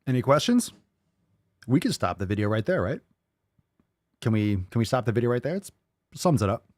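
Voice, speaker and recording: A podcast host giving blunt, mocking reaction commentary, often profane. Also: male voice, medium pitch, sing-song, a little fast, darkish tone, dry recording, clean studio sound.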